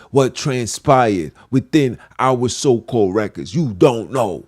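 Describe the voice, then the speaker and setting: A man's voice: medium pitch, animated, takes it slowly, hardly any pauses, a little mellow, slightly rough. A man preaching a fervent, repetitive monologue as a podcast host, slipping into archaic scripture phrasing.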